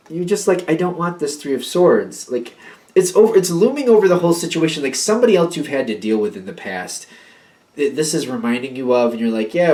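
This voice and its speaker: A man of middle pitch reads tarot cards in a loose, unscripted way. He stops to restart and repeat himself, with lots of filler words, as he speaks straight to the listener. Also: a little mellow. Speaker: tarot reader. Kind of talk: casual tarot reading to camera.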